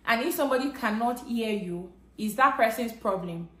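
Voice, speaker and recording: A woman's voice: on the high side, normal speed, a bit bright. Earnest Nigerian woman vlogging, echoey room. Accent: Nigerian English. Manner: earnest, conversational. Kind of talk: personal storytelling to camera.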